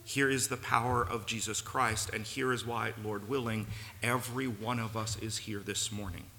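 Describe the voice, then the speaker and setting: With a lowish, bright, forceful voice, a pastor preaches earnestly in a church sanctuary, rising to emphatic peaks. Long reverb and faint room noise color the recording.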